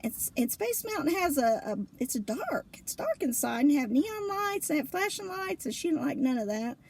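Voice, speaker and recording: A woman with a high-pitched voice and a gravelly edge tells a story in a lively, colloquial way. She laughs often between lines. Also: normal speed. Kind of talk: casual spoken storytelling.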